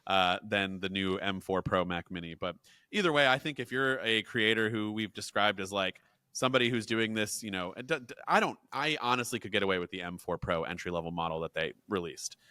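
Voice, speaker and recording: A man with a low, bright-edged voice, chatting casually about computers as a podcast co-host. He talks in an animated, rambling way. The sound is dry and close. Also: brisk, clean tone, no echo. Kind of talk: casual tech chat.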